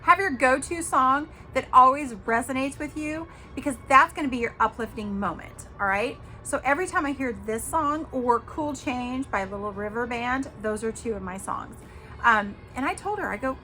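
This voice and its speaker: A woman's voice: on the high side, lively intonation, normal speed, sharp tone, faint music behind. A woman hosting her own podcast, talking casually and emphatically to viewers, giving tough-love advice with the odd cuss word. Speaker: podcast host.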